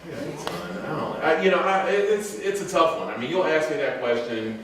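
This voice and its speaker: A man's voice: a little high, animated, fairly quick. A man giving a casual, rambling talk to an audience, telling stories loosely and laughing often. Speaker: speaker telling travel stories. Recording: echoey room, mic far off, faint noise.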